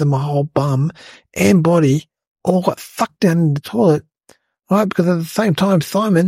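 A man voicing an excitable, rambling young schoolboy, telling a comedic story. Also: high-pitched, husky, dry recording, heavily acted. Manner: breathless rambling storyteller, lots of "like" and "guys".

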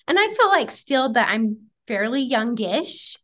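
A woman's voice: high voice, lively intonation, unhurried, a bit bright. Earnest woman in her thirties. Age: 30s. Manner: earnest, laughs often, trailing restarts. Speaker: guest. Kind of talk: casual interview chat.

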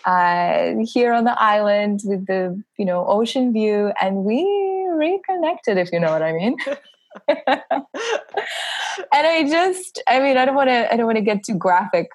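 A woman's voice: mid-range voice, animated, measured pace, dry recording, low-quality recording. A woman in her thirties talks candidly as a podcast guest, with a mid-range voice. She laughs easily between phrases. The recording is dry and close, with no room sound. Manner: open and frank, laughs often between phrases. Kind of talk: candid casual interview chat.

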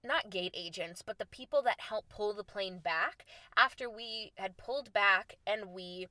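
A young woman telling a travel story in a casual, lively way, acting out the lines she quotes. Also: a little slow, no room sound. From United States. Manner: animated, acts out quoted lines with big pitch jumps. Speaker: storyteller host.

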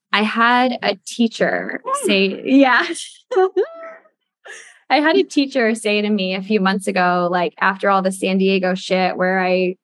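A woman's voice: medium pitch, dry recording. Effusive young woman podcast host. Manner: effusive, frequent "like" and swearing. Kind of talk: casual podcast conversation.

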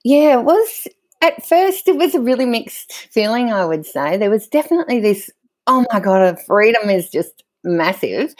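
A middle-aged woman, a guest telling stories from her own life in a candid, animated way and laughing often as she talks. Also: on the high side, moderate pace, no echo. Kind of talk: candid conversational storytelling.

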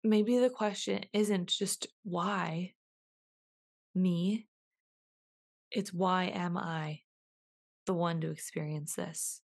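A woman's voice: on the low side, fairly even intonation, takes it slowly, gravelly. A woman hosting a reflective solo podcast, musing aloud and repeating questions to herself as she works through her thoughts. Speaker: podcast host.

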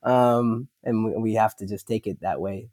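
A man speaking as a podcast guest, talking in a lively, rambling way and often restarting his sentences. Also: on the low side, normal speed, dry recording, studio quality. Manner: animated, rambling, self-interrupting. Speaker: podcast guest, company founder. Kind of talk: casual interview chat.

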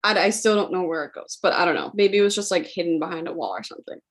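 A woman hosting a podcast, telling a funny story in a casual, animated way and often laughing as she talks. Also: lowish voice, very fast. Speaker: podcast host.

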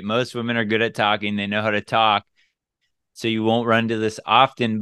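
A man co-hosting a podcast, giving casual dating advice and acting out his own lines in animated little scenes. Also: mid-range voice, clean tone, dry recording, clean studio sound. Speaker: dating coach podcast co-host.

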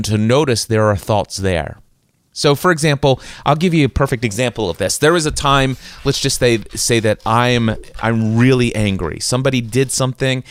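A man's voice: mid-range voice, dry recording, clean studio sound. A man as an interview guest, earnestly explaining self-awareness, often repeating words as he talks. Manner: earnest, repeats words and acts out his inner voice. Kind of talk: reflective self-help talk.

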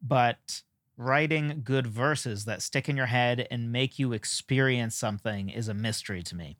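A man's voice: medium pitch, a little slow, a bit bright, no room sound, clean studio sound. A man hosting a solo podcast, talking casually in a rambling way with frequent fillers and self-deprecating asides. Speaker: podcast host.

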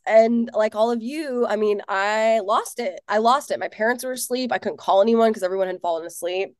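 A woman in her thirties from Tennessee, a political organizer telling her story as a guest in an office, earnest and animated with lots of fillers. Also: mid-range voice, normal speed, no echo, clean studio sound. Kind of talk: casual interview.

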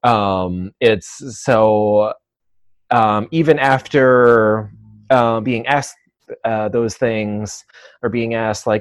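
A man who works as a dog trainer, speaking as an interview guest in a thoughtful, measured way, pausing often with "um" and "uh". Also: fairly low pitch, dry recording. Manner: thoughtful, measured, many "um" and "uh" pauses. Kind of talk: conversational interview.

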